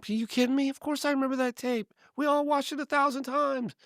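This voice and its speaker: A scoffing woman innkeeper with a high, thin falsetto, sharp and knowing, as a man puts her on. She talks as if everyone else is a step behind. The voice sits far above a plain man's speaking range. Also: steady tone, quick pace, dry recording, clean studio sound. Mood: incredulous.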